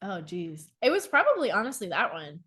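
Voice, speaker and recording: A podcast co-host swaps dating stories in easygoing chat, her medium-pitched voice brisk with a breathy edge. She laughs a lot and tells each tale with animation, packing in plenty of fillers.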